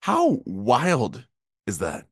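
A man's voice: medium pitch, wildly swooping pitch, extremely slow, slightly rough, no room sound, studio quality. A man co-hosting a podcast, chatting casually about the markets, laughing often and rambling through restarts. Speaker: podcast co-host. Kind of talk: casual finance chat.

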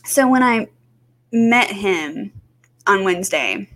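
A woman's voice: mid-range voice, takes it slowly, fairly bright tone. A woman co-hosting a podcast, chatting casually with many fillers and restarts. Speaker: podcast co-host. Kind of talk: casual chat.

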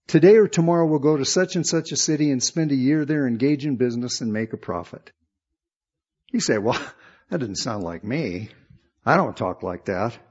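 A man's voice: medium pitch, slightly rough, muffled recording. A man preaching a sermon, with emphatic rises and rhetorical questions. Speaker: pastor.

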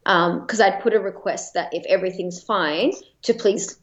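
A woman's voice: medium pitch, moderate pace, dull audio. An Australian woman telling a personal story as a podcast guest in a chatty way, full of fillers and light laughter.

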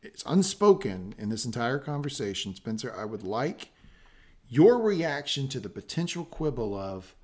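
A man hosting a casual podcast recap, talking in an excitable, animated and profane way. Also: mid-range voice, normal speed. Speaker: podcast host. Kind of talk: casual chat, show recap.

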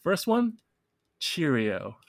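A man's voice: a little high, wildly swooping pitch, very slow, vocal fry, dry recording, studio quality. A man hosting a podcast quiz in a casual chat, teasing his co-host and laughing often.

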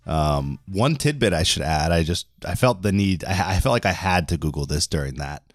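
A man with a low voice hosts a casual podcast, talking in a halting way and repeating words. The recording is dry and close. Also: animated, no room sound, soft background music. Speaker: podcast host.

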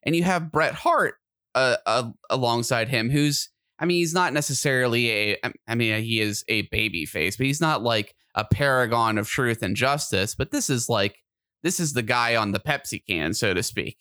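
A man co-hosting a podcast in casual chat, excitable and quick to get loud and animated. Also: medium pitch, no echo, studio quality. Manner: excitable, gets loud and animated when riled. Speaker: podcast co-host.

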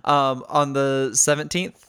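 A man's voice: medium pitch, level tone, takes it slowly, pushed and bright, smooth, dry recording, clean studio sound. A man co-hosting a podcast in casual chat, teasing his guest and laughing often. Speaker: podcast co-host.

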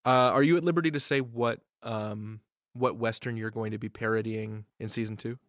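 A man's voice: on the low side, fairly even intonation, moderate pace, no room sound. Upbeat male podcast host, dry sound. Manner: upbeat, brief interjections and questions. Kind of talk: casual interview.

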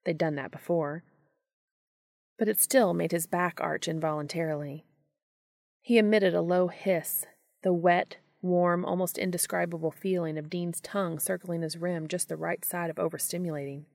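A woman podcast host reading fan fiction aloud in a steady, measured narration. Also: on the low side, creaky, no echo, studio quality. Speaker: podcast reader.

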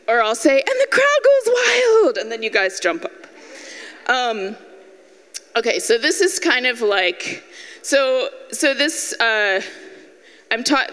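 Young woman, artist at a live talk, lively storyteller. Hall reverb. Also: on the high side. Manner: animated, acts out voices in her story, laughs at herself. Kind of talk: storytelling presentation to an audience.

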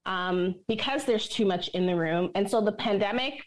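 A middle-aged woman, a purpose coach and minister, talking in a podcast interview, animated and quick to laugh. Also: mid-range voice. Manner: animated storyteller, laughs often.

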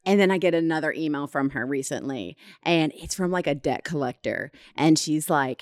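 A young woman, co-hosting a podcast and telling a story in an animated, laughing way. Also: sits low, moderate pace, hardly any pauses, no echo, studio quality. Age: 20s. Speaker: podcast co-host. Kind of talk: casual chat.

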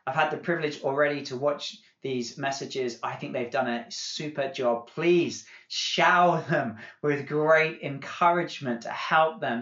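A man's voice: medium pitch, fairly bright tone, reverberant, dull audio. A man leading a church service, reading scripture and praying in a solemn, emphatic way. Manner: slow, solemn, rising to emphatic peaks on scripture. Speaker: pastor.

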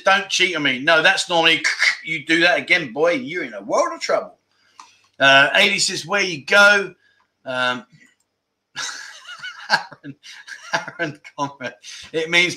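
A man hosts a casual livestream from a room at home, reading viewer comments and laughing along. His voice is bright and forceful, sitting a little high for a man. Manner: laughs often, jokey banter with chat. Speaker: livestream host.

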